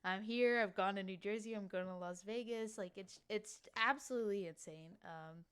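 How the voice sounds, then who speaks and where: A woman from Louisiana with a slight Cajun accent, co-hosting a podcast in casual chat, talking with lots of "like" and quick laughs. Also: medium pitch, clear, resonant tone. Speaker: podcast co-host.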